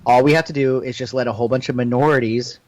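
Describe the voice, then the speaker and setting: Dude cohosting a podcast, crude jokes, cussing a lot, average pitch. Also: male voice, fairly even intonation, fast, darkish tone, poor audio. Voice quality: profane, jokey, slips into mock voices. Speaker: podcast co-host. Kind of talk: crude comedic banter.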